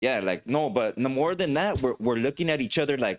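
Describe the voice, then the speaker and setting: A man's voice: medium pitch, lively intonation, brisk. A man, hosting a podcast and telling stories in a slangy, rambling way. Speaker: podcast host. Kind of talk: casual podcast storytelling.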